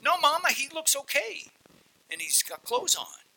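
A man voicing a young child, calling out in a high, excited voice. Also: moderate pace, vocal fry, exaggerated voice, poor audio. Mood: eager.

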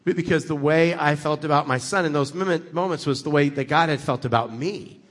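Middle-aged male guest preacher, casual talk rising to emphatic appeals, slightly high voice. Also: a little fast, in a large hall. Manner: conversational, rises to emphatic preaching. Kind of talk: sermon.

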